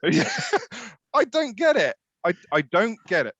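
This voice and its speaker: A man's voice: high voice, big pitch swings, moderate pace, a bit bright, no echo, dull audio. A man co-hosting a casual fan podcast, rambling with many fillers and the odd swear word. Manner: rambling, swears, laughs a lot. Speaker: podcast co-host.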